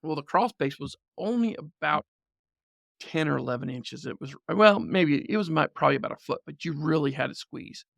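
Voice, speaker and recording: Gravelly-voiced man telling a story. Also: fairly high pitch, normal speed, no echo. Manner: animated storyteller, laughs often, acts out quotes. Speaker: podcast guest. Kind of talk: casual storytelling.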